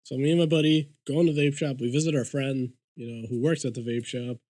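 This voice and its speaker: Profane, animated man telling stories. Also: mid-range voice, quick pace, no room sound. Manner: profane, animated storyteller acting out quotes. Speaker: podcast guest. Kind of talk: casual storytelling chat.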